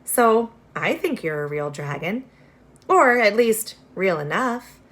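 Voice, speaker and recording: A woman's voice: medium pitch, sing-song, slow, fairly bright tone. A woman voicing a kind, practical young girl who speaks in a friendly, reassuring way in a read-aloud storybook.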